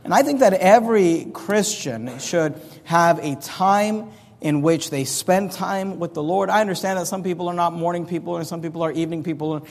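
A man's voice: sits high, moderate pace. A man preaching a sermon as pastor, explaining scripture in an earnest, plain-spoken way with frequent restarts. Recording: long reverb of a large hall.

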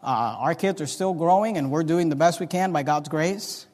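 A man preaching a sermon as pastor, moving between quiet talk and loud, emphatic delivery. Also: a little high, moderate pace. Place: church sanctuary. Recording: long reverb of a church hall.

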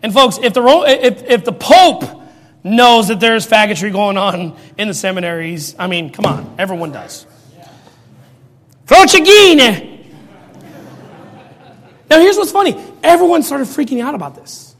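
A man preaching in a mocking, sarcastic rant, now and then bursting into shouts. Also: high voice, expressive, moderate pace. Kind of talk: ranting commentary. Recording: long reverb.

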